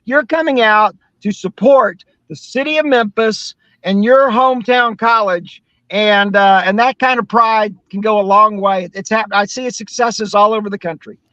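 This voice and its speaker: A man's voice: high voice, normal speed, pushed and bright, dry recording. A man talking as a guest on a casual sports talk show, eager and repeating himself as he goes. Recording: dull dry lo-fi line.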